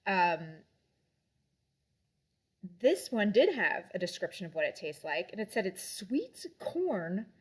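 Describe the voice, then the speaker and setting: A young adult woman in casual chat, reviewing drinks and books in a rambling way with lots of fillers. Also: fairly low pitch.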